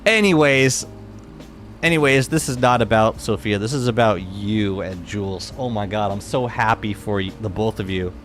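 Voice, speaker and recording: A man in his thirties streaming a game, chatting casually and excitably with many restarts. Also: on the low side, normal speed, a little hiss or hum. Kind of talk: casual live-stream chat.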